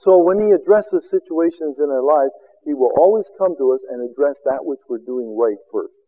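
A high-voiced male preacher and seminar teacher delivers a sermon at a moderate pace with lively, slightly rough intonation. He poses rhetorical questions and shifts between loud bursts and hushed asides. The audio is thin and tinny, like narrow-band broadcast sound.

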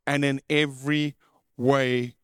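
Man, middle-aged preacher, very slow deliberate delivery, dry close sound. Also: mid-range voice, little pitch movement, a bit bright, clear, resonant tone, no echo. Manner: slow, measured reading that turns into emphatic preaching. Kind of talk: sermon with read-aloud opening.

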